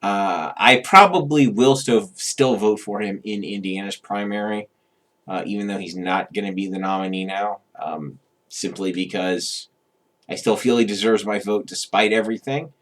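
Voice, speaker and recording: A man in the middle of a political rant, swearing freely and pausing on many "uh" and "um" fillers. His voice is somewhat low. He sounds agitated and blunt. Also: a bit bright. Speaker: vlogger.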